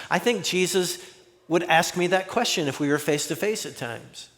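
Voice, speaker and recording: A man's voice: fairly high pitch, lively intonation, normal speed, a bit bright, in a large hall. A man preaching a conversational sermon as a pastor, acting out the voices he quotes.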